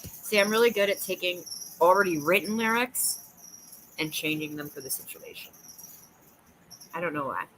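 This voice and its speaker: A woman's voice: fairly low pitch, moderate pace, long pauses, fairly bright tone, slight background noise, rough recording. A woman with a New York accent, chatting on a livestream in a giggly, rambling way and jumping from topic to topic. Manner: giggly, rambling, jumps between topics, breaks into silly voices. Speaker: livestream host. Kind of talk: casual livestream chat.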